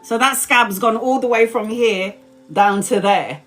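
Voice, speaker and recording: A woman's voice: a little high, measured pace, soft background music. A woman in her forties telling a story casually on a live stream, laughing often and swearing freely, then giving a tarot reading. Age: 40s. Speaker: tarot reader.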